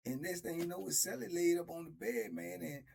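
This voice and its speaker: Husky high-voiced male storyteller. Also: brisk, a little mellow. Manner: laid-back, drawling, laughs often. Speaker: storyteller host. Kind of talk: casual storytelling.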